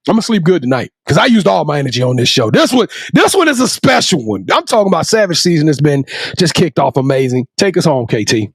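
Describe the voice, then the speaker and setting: A male podcast co-host, exuberant and out of breath, shouting and sing-song as he closes the show. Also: a little high, sing-song, fast talker, breathy edge, no echo, clean studio sound. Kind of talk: hype show sign-off, energetic chat.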